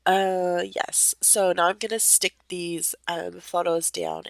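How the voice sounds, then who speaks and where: Young female crafter narrating at home; a gravelly, allergy-worn voice, laid-back and rambling, recorded dry. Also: sits low, a bit bright, no echo. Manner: rambling, many fillers, light laughs. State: voice a bit off from allergies. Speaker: crafter narrating her process video. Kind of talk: casual voice-over narration.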